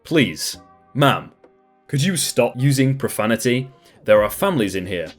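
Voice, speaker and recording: A calm restaurant manager speaks politely but firmly in a storybook reading, as the narrator voices him. His voice moves expressively while staying patient, with faint music underneath. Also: mid-range voice, unhurried. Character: calm, firm male restaurant duty manager.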